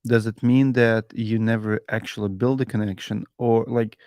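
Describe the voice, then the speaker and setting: A man's voice: lowish voice, little pitch movement, moderate pace, a little mellow, dry recording, clean studio sound. A man hosting a casual podcast, asking his guest questions with slightly non-native phrasing. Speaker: podcast host.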